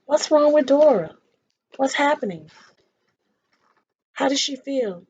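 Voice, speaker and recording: Slow, high-voiced woman reading a storybook. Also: animated, a little mellow. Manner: stops to explain words and ask children questions. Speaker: storytime reader for children. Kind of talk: reading a picture book aloud. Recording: dull lo-fi dry recording.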